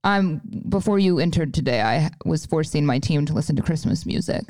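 A woman co-hosting a podcast, chatting in a talkative, quick and emphatic way. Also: low voice, expressive, darkish tone, no room sound, clean studio sound. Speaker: podcast co-host. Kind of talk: casual chat.

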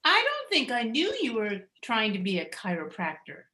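Bright, bubbly woman host on a video call. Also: fairly high pitch, huge pitch swings, normal speed, echoey room. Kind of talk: live online show hosting.

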